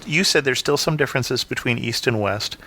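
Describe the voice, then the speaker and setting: A man's voice: mid-range voice, fairly quick, pushed and bright, a little hiss or hum. A man hosting a travel podcast, interviewing a guest with short acknowledgements and brief questions. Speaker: podcast host.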